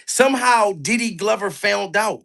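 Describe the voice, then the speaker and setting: A man doing crude, animated commentary on a live stream, hyping up his chat. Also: high-pitched, moderate pace, gravelly.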